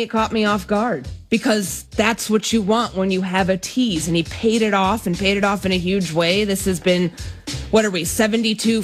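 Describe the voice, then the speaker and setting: A woman hosting a sports radio show, telling a story with animation and acting out what others said. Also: mid-range voice. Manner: animated storytelling, acts out quotes. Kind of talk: casual radio chat.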